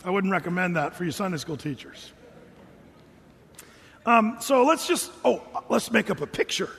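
A fairly high-voiced pastor preaches in a relaxed, storytelling way, slipping into little voices for the people he describes. His tone is a bit husky, and his words carry a long echo through a big church hall. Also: normal speed. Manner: casual, animated storytelling with voiced quotes. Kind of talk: sermon. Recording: reverberant hall.

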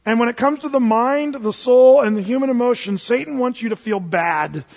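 Animated high-voiced male preacher. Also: moderate pace, vocal fry, in a large hall, muffled recording. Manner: animated storyteller, swings from loud to hushed, jokes. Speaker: pastor. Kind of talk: sermon.

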